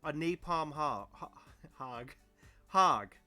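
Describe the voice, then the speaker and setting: A man co-hosting a laid-back chat show, full of playful teasing and exaggerated reactions. His voice is bright, with faint music underneath. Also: on the high side, big pitch swings, brisk. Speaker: podcast co-host. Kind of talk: casual chat.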